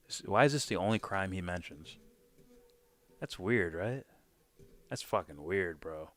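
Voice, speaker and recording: Deep-voiced man hosting a live stream. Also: measured pace. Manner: profane, animated, mocking. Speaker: stream host. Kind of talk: casual livestream chat.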